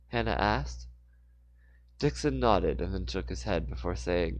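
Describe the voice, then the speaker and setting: A man's voice: low voice, animated, a little slow. A man reading a novel aloud informally, sometimes stumbling and correcting himself. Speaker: audiobook reader. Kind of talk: casual book reading aloud.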